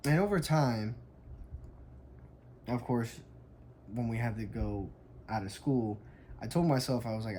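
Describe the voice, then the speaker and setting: A man's voice: medium pitch, a little slow, long pauses, mellow, slight background noise. A young adult man, a fitness coach, tells a story in a casual vlog, emphatic and frank, with lots of "like".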